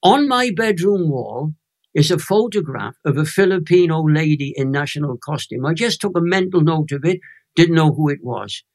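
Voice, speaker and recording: Man, 80s, Welsh accent, fairly high voice, emotional testimony, animated storytelling. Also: moderate pace. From Wales. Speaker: guest, Christian minister.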